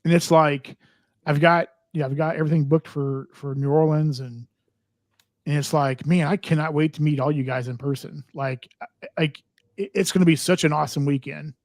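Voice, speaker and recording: A man in a casual livestream chat, eager and halting, with lots of fillers. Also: a little high, steady tone, darkish tone, no room sound.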